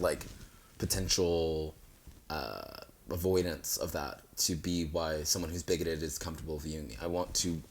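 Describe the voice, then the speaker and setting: A man's voice: sits low, a little hiss or hum. A young man chatting casually as a guest, telling stories with flamboyant, sassy flair. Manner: flamboyant, animated storytelling with sassy asides. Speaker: guest, actor. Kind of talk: casual chat.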